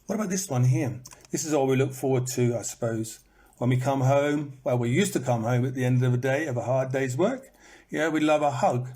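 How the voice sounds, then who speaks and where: A man's voice: medium pitch, fairly quick, darkish tone. A man teaching in a live online lesson, repeating words to show their stress and breaking into bits of song, recorded on a phone. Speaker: English teacher.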